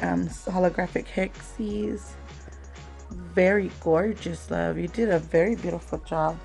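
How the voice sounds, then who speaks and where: A woman hosting a craft swap unboxing vlog at home, talking slowly and gently and calling viewers "love" again and again. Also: on the low side, vocal fry, poor audio. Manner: slow, gentle, calls viewers "love" often.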